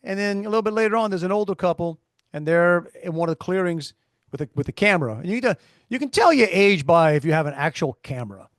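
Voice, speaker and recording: A man's voice: high voice, fast talker, no room sound, studio quality. A middle-aged man with a South Louisiana accent, co-hosting a podcast and telling stories with many restarts. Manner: storytelling, animated, many restarts. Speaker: podcast co-host. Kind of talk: casual chat.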